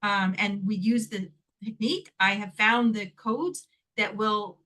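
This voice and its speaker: A Canadian woman, a guest in an interview, telling a personal story in an animated way, laughing often and acting out the voices of the people she quotes. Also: mid-range voice, unhurried, low-quality recording. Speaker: guest, healing technique teacher.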